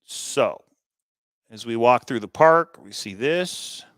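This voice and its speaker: A man's voice: medium pitch, expressive, takes it slowly, a bit bright, no echo. A man hosting a treasure hunt video, chatting casually and thinking aloud with frequent fillers as he walks through a puzzle solution. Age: adult with kids. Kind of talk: casual walkthrough commentary.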